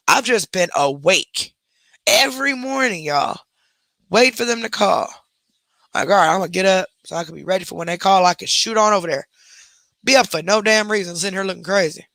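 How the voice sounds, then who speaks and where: Woman, livestream host, rambling casual chat, bright forceful voice, dry close sound. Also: on the low side, dry recording. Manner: rambling, chatty, addresses viewers as y'all. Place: at home.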